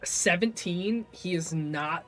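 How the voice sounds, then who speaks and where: Game master narrating casual live tabletop play, loose and filler-heavy; soft music underneath. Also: male voice, high voice, slow pace.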